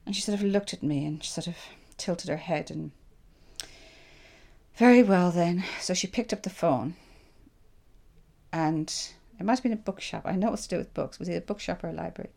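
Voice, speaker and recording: An Irish woman in her sixties recalls her past for an interviewer. Her low voice is warm and mellow with a gravelly edge. She tells her stories in a lively way, voicing the thoughts she had back then. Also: fast. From Ireland. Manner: animated storyteller who acts out her own past thoughts. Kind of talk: reflective personal storytelling.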